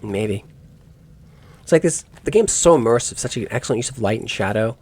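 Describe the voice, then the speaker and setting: Expressive and brisk, this medium-pitched male voice is also a bit mellow and husky. The gaming YouTuber wanders through asides during his let's play commentary, often revising what he just said.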